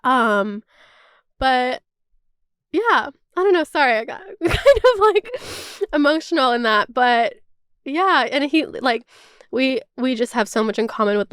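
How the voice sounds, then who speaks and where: A woman's voice: fairly high pitch, a little slow, pauses often, a bit bright, smooth, dry recording, clean studio sound. A woman in her twenties talking casually to camera, chatty and full of "like" and swearing. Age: 20s. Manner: chatty, swears freely, heavy use of "like". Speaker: vlogger. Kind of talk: casual chat.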